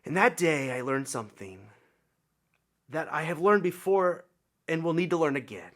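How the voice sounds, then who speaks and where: A middle-aged man preaching a sermon, telling a personal story with swelling emphasis and soft, hushed drops. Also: fairly high pitch, expressive, moderate pace. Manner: reflective storytelling, swells then drops to near whispers. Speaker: pastor.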